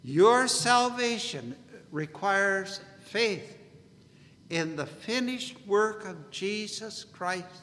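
A man preaching an earnest gospel sermon at a meeting, in a deliberate, measured way. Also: sits high, expressive, bright, forceful tone. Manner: earnest, slow and deliberate preaching, biblical phrasing. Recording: long hall reverb.

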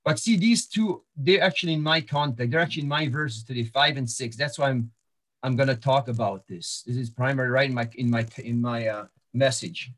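A man's voice: mid-range voice, fairly quick, a bit bright. A man preaching a sermon, walking through Bible verses with many restarts and fillers. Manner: walks through verses, repeats words and restarts, frequent fillers. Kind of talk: sermon-style Bible teaching.

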